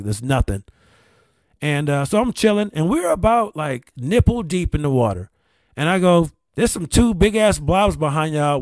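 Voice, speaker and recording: A man's voice: a little high, dry recording. A man casually telling a long personal story, rambling with restarts, repeated words and casual swearing. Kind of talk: casual anecdote.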